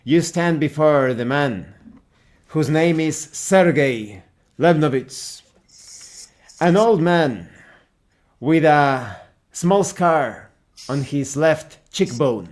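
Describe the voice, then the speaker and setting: A man narrating as game master of a tabletop horror game in a measured, descriptive way. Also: on the high side, lively intonation.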